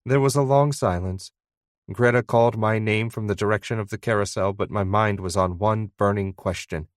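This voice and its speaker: A man narrating a first-person novel audiobook in a steady, even storytelling manner. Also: lowish voice, moderate pace, dry recording, studio quality.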